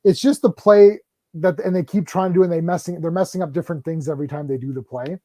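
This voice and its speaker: This livestream host, speaking quickly in a slightly high voice, rambles about films with plenty of fillers. He gets animated, performing movie lines in a raised voice, and the audio is clean studio sound without echo.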